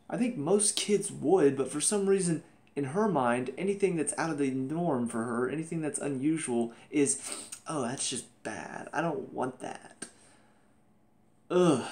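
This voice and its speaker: A man's voice: a little high, animated, moderate pace, a little mellow. A man giving a casual spoken TV review, exasperated and ranting, mocking the characters in put-on voices.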